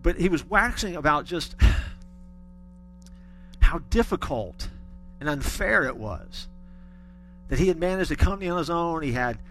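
A man's voice: fairly high pitch, lively intonation, measured pace, pauses often, bright, forceful tone, faint music behind. A middle-aged man preaching a sermon, telling stories with folksy humor. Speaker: pastor.

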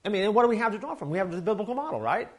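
A man preaching a sermon in a folksy, animated way, with quick asides to his congregation. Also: high-pitched. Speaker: pastor.

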